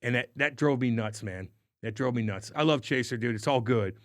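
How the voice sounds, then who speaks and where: A man co-hosting a podcast, telling stories in casual chat, swearing a lot and acting out what people said with loud bursts. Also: medium pitch, a little fast, no room sound, clean studio sound. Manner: animated storyteller, acts out quotes loudly, swears often. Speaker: podcast co-host.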